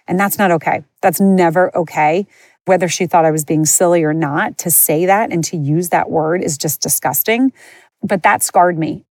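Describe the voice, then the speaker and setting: Woman podcaster, personal storytelling, lowish pitch, rambling candid delivery, dry room. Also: a little mellow, no echo. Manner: candid, rambling, many fillers and restarts. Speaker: podcast host. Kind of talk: personal storytelling, casual chat.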